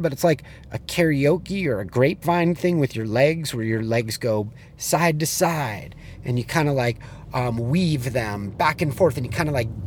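A man with a blunt, profane way of talking, acting out the people in his story and then giving sales advice as a business coach. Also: fairly high pitch. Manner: animated storyteller who acts out the people he quotes.

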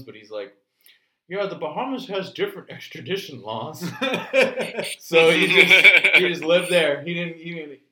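A man co-hosting a casual podcast chat, joking and laughing through lively banter. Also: mid-range voice, echoey room, a little hiss or hum. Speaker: podcast co-host.

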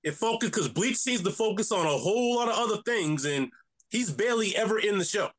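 A man's voice: sits high, animated, brisk. A man co-hosting a podcast in casual chat, hesitating and changing his mind as he talks. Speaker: podcast co-host.

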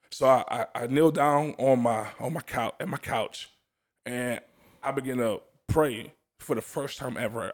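A young man sharing his personal testimony in a casual chat, telling it earnestly with frequent laughs. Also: mid-range voice. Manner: earnest storytelling, laughs often, restarts.

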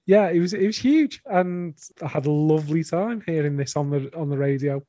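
A man's voice: on the high side, moderate pace, warm tone, dry recording. Hesitant male co-host, dry close sound. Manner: hesitant, repeats words, defends his points. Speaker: podcast co-host. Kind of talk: casual chat reviewing an album.

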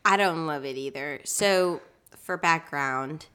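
A woman co-hosts a podcast in relaxed, casual conversation. Her voice sits slightly low, and she talks animatedly, often breaking off and restarting her sentences. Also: takes it slowly, smooth. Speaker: podcast co-host. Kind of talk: casual chat.

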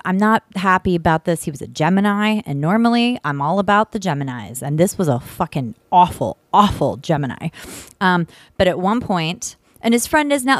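A woman's voice: fairly low pitch, dry recording, studio quality. A woman co-hosting a casual chat, telling stories with lots of swearing and laughter. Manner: animated storytelling, swearing, frequent laughs. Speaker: podcast co-host.

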